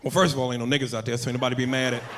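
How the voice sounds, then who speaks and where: A man doing brash, profane stand-up comedy on a club stage, loud and punchy. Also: medium pitch, level tone, rapid-fire. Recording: live club recording with loud crowd and noise.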